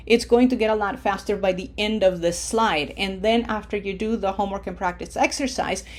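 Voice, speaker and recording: A woman teaching a recorded online language lesson, patiently walking through rules step by step and slowing down to model words. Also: medium pitch. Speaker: Spanish teacher.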